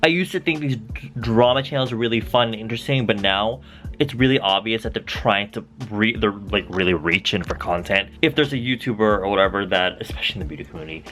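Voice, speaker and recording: A man's voice: lowish voice, quick pace, fairly bright tone, soft background music. A young American man answering viewer questions in a casual vlog. He swears a lot and rambles off on tangents. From United States.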